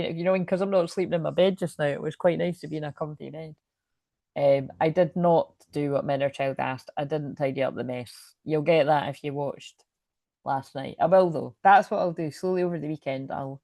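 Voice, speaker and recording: A woman's voice: sits low, creaky, a little mellow, no room sound, studio quality. A young woman giving a casual, rambling oracle card reading, laughing often and swearing casually. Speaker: spiritual reader and coach.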